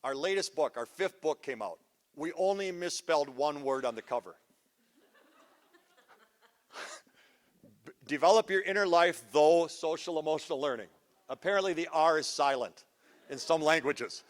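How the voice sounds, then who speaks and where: A middle-aged man giving a live parenting talk to an audience, joking, goofy and energetic, teasing the crowd. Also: a little high, normal speed, long pauses. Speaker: parenting seminar speaker. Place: school event before a live audience.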